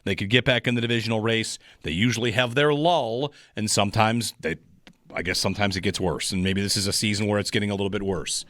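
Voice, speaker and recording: A man's voice: fairly low pitch, quick pace, fairly bright tone, no room sound, clean studio sound. A man hosting a sports talk radio show, analyzing the game in a rambling, frustrated way with frequent restarts.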